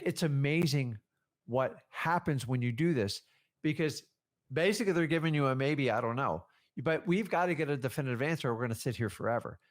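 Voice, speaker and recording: Guy coaching real estate deals, lively, acts out what sellers say. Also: medium pitch. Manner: animated, acts out seller conversations. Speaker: real estate wholesaling trainer. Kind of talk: casual coaching talk.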